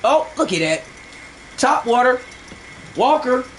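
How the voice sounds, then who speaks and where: A man's voice: extremely high pitch, sing-song, takes it slowly, fairly bright tone, slight background noise, low-quality recording. A young man streaming a fishing game, bragging and swearing in loose slang as he talks to his chat. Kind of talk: live gameplay commentary.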